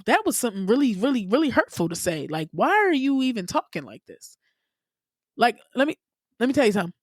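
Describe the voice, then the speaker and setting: A woman hosting her own podcast, talking candidly and with plenty of profanity, her voice leaping up in pitch when she gets worked up. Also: no echo, studio quality. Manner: candid, profane, animated storytelling with sudden pitch jumps. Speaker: podcast host. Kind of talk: casual solo podcast monologue.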